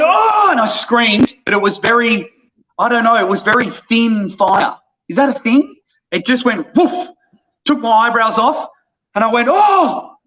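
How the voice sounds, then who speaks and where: A man, an actor and guest, telling a casual funny anecdote and acting out the voices of the people in it. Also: sits high. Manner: animated, acts out quoted voices. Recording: dull lo-fi audio.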